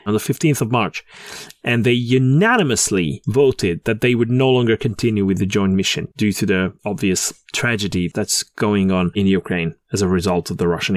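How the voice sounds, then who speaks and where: A man's voice: fairly low pitch, moderate pace, dry recording. A man co-hosting a podcast in casual chat. He jokes, laughs at his own puns and often restarts his sentences. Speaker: podcast co-host.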